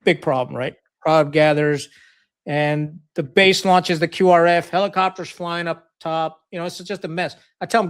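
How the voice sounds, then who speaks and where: A man's voice: on the high side, fairly even intonation, moderate pace, clean tone. A middle-aged man from Pakistan, a retired Marine officer, telling war stories as a podcast guest in a blunt, profane, casual way and acting out quoted dialogue.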